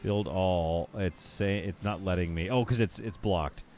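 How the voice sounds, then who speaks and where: A man's voice: low-pitched, measured pace, a little mellow. A man casually thinking aloud and bantering with his chat while he plays a building game on a live stream. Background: background game music.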